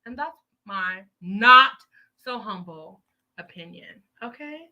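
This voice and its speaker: Fiery, bright-voiced woman ranting. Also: mid-range voice, animated, slow pace. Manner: heated, emphatic ranting with profanity. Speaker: live stream host. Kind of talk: live news commentary.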